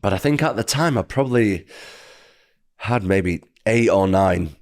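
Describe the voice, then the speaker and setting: A man's voice: on the low side, lively intonation, a little slow. A man in his thirties with an English accent, a guest telling his story in a casual, rambling way with lots of fillers. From United Kingdom. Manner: rambling, filler-heavy, self-correcting. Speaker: guest fighter.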